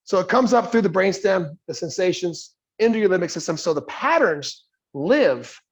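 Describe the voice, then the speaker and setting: A man leading a live coaching workshop in a yoga studio, with a voice that sits a little high for a man. He keeps it conversational, often checks in with "right?", and slips into quick character voices to act out everyday scenes. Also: expressive, slightly rough. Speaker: leadership coach.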